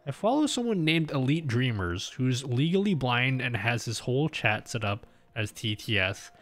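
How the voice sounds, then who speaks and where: A young Australian man, casually hosting a livestream, drifts through rambling talk to his viewers, full of fillers, restarts and self-interruptions. His medium-pitched, slightly bright voice has a sing-song quality at a moderate pace, and faint music can be heard.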